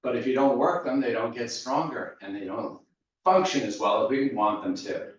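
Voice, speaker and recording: A man's voice: mid-range voice, normal speed. Guy coaching a stretch class from across a big echoey studio, kinda muffled. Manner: steady cueing, easygoing asides. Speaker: fitness instructor. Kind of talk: guided mobility class cueing. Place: large echoey fitness studio. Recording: echoey, distant, dull room sound.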